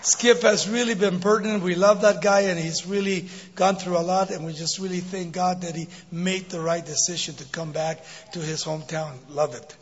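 A man in his sixties preaching as a guest speaker, telling a joke and then his life story, animated and laughing often. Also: high voice, moderate pace, few pauses, a little hiss or hum. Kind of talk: sermon with jokes and testimony. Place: church sanctuary. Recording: dull recording in a big reverberant hall.

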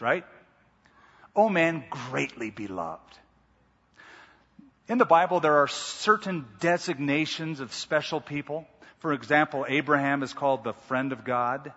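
A man preaching a sermon, reading scripture and breaking off into lively, conversational asides. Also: mid-range voice. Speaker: pastor. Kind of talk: expository sermon. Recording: dull lo-fi sound with long hall reverb.

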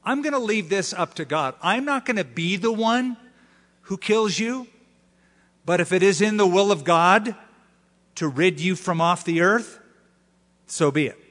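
Guy preaching a sermon, kinda high voice, lively and jokey, long echo like a big hall. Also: measured pace, pauses often. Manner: animated, jokey, acts out the people he quotes. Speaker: pastor.

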